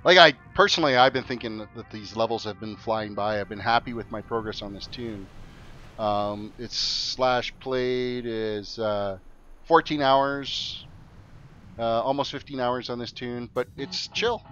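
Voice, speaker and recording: A man's voice: medium pitch, unhurried, bright, forceful tone, highs cut off. Chatty man streaming a game. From Canada, Alberta. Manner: joking, chatty, reads viewer chat aloud. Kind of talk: casual gameplay chat. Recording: faint game music behind.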